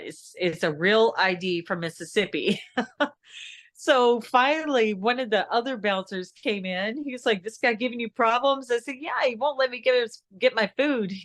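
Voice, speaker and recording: A woman with a medium-pitched voice, guesting on a podcast. She chats casually, tells anecdotes with quoted back-and-forth dialogue, and laughs easily between lines. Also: a bit bright. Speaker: guest, actress and singer. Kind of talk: casual interview chat.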